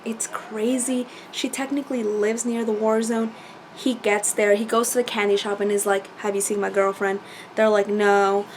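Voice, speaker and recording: A woman chatting casually as she recaps a reality show, animated and full of fillers and quoted asides. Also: on the high side, a little hiss or hum.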